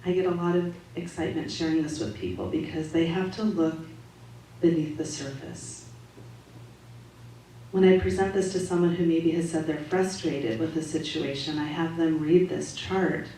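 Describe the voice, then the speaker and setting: A woman giving a calm, measured, gently instructive Sunday talk to a congregation, as a spiritual practitioner. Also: lowish voice. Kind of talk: sermon-style talk to a congregation. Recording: echoey hall audio from far off, faint noise.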